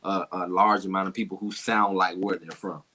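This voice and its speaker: Man, lower voice, bright tone, thoughtful explanations. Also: level tone, a little fast. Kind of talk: casual group chat.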